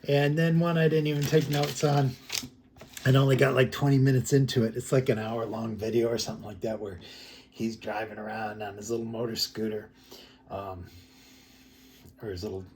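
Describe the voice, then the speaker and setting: A man's voice: mid-range voice, steady tone, normal speed, darkish tone, slight background noise. A man talking casually and rambling, chuckling as he comments on other creators' videos. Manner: rambling, chuckling, heavy on fillers. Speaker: commentary vlogger.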